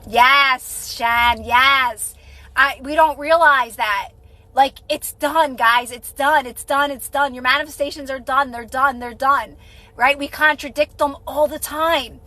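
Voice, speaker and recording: Bright high-voiced woman coaching live. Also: fairly even intonation, measured pace, low-quality recording. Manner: casual, repetitive, reassuring advice; answers viewer comments. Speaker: manifestation coach. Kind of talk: live-stream chat.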